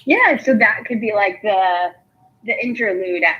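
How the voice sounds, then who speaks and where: A woman co-hosting a casual podcast chat at an ordinary middle pitch. She answers in short, agreeable turns. Her audio sounds dull and lo-fi. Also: unhurried. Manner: brief, agreeable replies.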